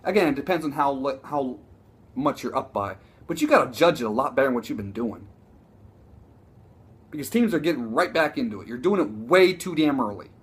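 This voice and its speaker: A man ranting casually about his football team, profane and excitable, rambling with frequent restarts. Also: medium pitch, a little fast, husky. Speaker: sports vlogger. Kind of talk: casual sports rant.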